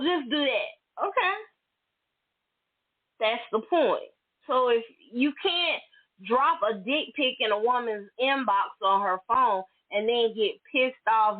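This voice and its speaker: A woman hosting a solo podcast, venting bluntly and emphatically in casual, profane talk. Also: fairly high pitch. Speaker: podcast host. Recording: tinny phone-like audio.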